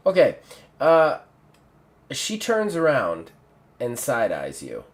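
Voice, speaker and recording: Animated male game master, lively narration. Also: medium pitch, slow pace. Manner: animated, swearing.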